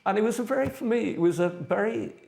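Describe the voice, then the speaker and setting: An older man from South Africa, an interviewee recounting his past in a measured, thoughtful way with frequent pauses. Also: high-pitched, lively intonation, vocal fry, a little mellow. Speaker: interviewee, theatre director. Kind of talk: reflective personal recollection.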